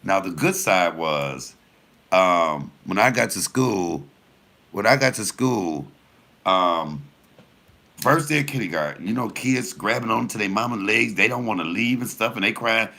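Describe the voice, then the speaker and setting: Speaking at a measured pace, this comedian addresses his viewers directly in a lively, swooping voice that sits low and turns gravelly. His bright, forceful tone carries laughter, and he swears freely through his animated, casual stories.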